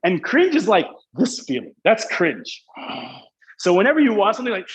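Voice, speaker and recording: A man's voice: sits high, wildly swooping pitch, normal speed, a little hiss or hum, rough recording. A young man teaching an online English class, explaining slang in a casual, playful way.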